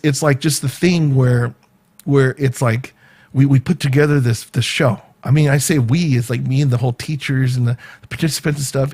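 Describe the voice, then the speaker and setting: A man's voice: medium pitch, a little mellow. A man with a Southern California accent, hosting his own show and chatting casually to viewers, rambling and repeating words as he goes. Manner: rambling, repeats words, talks to live commenters by name. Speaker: show host and event organizer.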